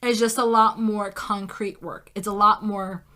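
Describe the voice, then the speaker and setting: A woman's voice: mid-range voice, fairly even intonation, measured pace, sharp tone. A woman hosting a solo podcast, talking in a blunt, casual way, swearing freely and acting out little scenes as she explains. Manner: blunt and swears freely, acts out diner exchanges. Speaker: podcast host.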